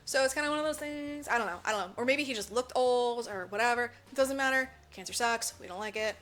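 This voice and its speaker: A woman co-hosting a podcast recaps a movie in casual chat, her voice fairly high and quick. She's animated and swears freely, mimicking the characters as she tells the story.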